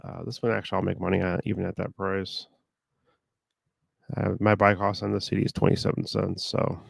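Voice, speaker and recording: A man with a gravelly, somewhat low voice talks in a flat monotone, a sore throat weighing on it. He rambles casually as he works at his computer. The sound is close and dry. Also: brisk, dry recording. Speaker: online reseller. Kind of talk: casual talk while working.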